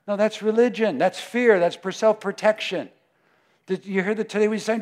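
Animated, laughing male preacher. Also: sits high, moderate pace. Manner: animated and conversational, often laughing, acting out voices. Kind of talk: sermon.

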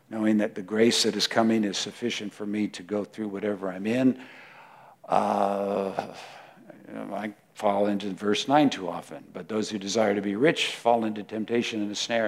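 A man preaching a sermon in a conversational way, reading scripture aloud and often repeating words as he searches for the next thought. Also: fairly low pitch. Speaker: pastor.

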